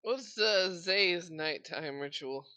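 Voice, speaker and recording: A woman's voice: on the low side, takes it slowly, sharp tone. A woman running a tabletop game as game master, narrating expressively and asking players what they do.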